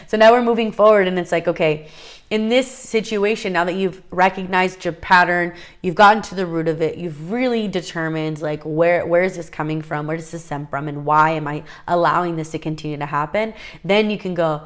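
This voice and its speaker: Earnest young woman, low voice. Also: brisk. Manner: earnest and confiding, with fillers and restarts. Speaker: faith vlogger. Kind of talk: casual heartfelt talk to camera.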